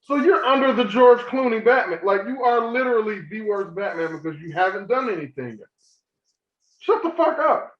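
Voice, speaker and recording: A man with a high, lifted voice rants in a loose, profane podcast chat, getting fired up as he argues his point. The sound is roomy and somewhat dull and lo-fi. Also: a little fast, few pauses. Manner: animated, ranting, profane. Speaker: podcast co-host. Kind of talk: casual heated chat.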